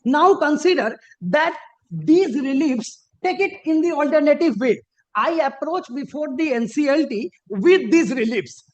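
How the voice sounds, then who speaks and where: A man arguing formally before a judge as an advocate, deferential and halting, with frequent restarts and emphatic rises on key points. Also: extremely high pitch, animated, lo-fi sound. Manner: deferential, peppered with repeated formal address to the bench. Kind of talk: formal courtroom argument. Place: courtroom.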